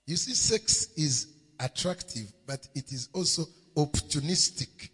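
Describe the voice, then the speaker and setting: A man preaches a sermon, telling a story built on emphatic repeated refrains and calling on the congregation to respond. His voice is a little high, fairly bright and husky, and he is animated but unhurried. A long hall reverb surrounds the recording.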